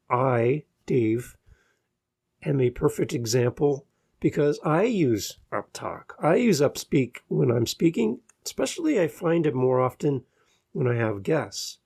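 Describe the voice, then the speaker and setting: A man's voice: fairly high pitch, vocal fry, warm tone. A Canadian man hosting a podcast, giving advice in an earnest, easygoing and self-deprecating monologue. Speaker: podcast host.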